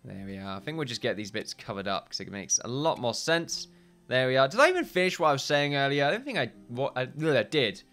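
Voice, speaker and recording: A tired man talks his way through a building game in a loose, rambling let's-play chat, forever correcting himself and chuckling. His voice is bright and lively, swinging up and down in pitch. Soft game music plays underneath. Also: quick pace. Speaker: gaming video host. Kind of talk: casual let's-play commentary.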